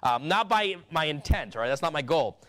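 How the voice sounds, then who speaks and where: A pastor with a fairly high voice preaches from the pulpit, animated and a little fast. His emphatic delivery surges into loud, urgent stretches before falling to hushed, low asides.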